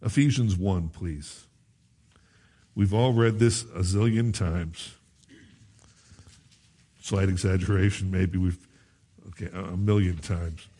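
Male pastor, slightly low and husky voice, conversational preaching with asides. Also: takes it slowly, pauses often, mellow. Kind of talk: sermon.

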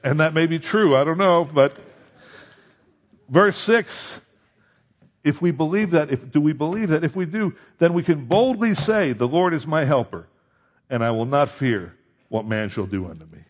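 A man's voice: on the high side, expressive, moderate pace, lo-fi sound. A male pastor preaching a conversational sermon, rising to emphatic peaks on key points.

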